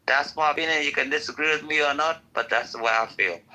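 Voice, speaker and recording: Bright-voiced man ranting with profanity. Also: fairly high pitch, fast talker, poor audio. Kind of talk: heated call-in discussion.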